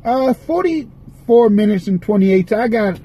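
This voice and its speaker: A man's voice: high-pitched, animated, measured pace, warm tone, husky, poor audio. A man hosting his podcast in a casual rambling monologue, profane and frustrated, with a stuffy nose. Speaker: podcast host. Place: parked car.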